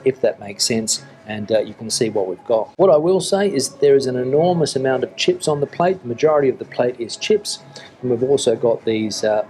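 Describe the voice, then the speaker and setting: Middle-aged male, mid-pitched and easygoing, chatty restaurant review with faint room chatter behind. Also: slight background noise. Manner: chatty, relaxed, with frequent fillers. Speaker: food vlogger. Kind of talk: casual restaurant review to camera. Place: restaurant in Spain.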